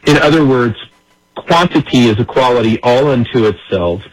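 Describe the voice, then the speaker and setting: A man's voice: mid-range voice, expressive, moderate pace, low-quality recording. A man giving emphatic political commentary in an interview, acting out the words of others as he explains. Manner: emphatic, acts out quoted speech.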